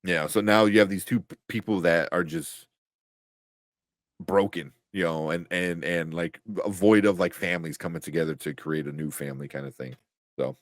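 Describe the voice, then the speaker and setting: Low-voiced man rambling casually. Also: normal speed, no echo. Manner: rambling, many fillers and restarts, laughs often. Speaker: podcast co-host reading chat. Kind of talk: casual live-stream chat.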